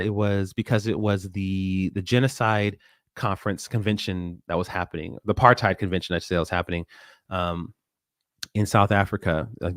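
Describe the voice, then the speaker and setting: Animated man in a dry close recording. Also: mid-range voice, dry recording. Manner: animated, quotes others in raised voice. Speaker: forum host. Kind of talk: live commentary talk.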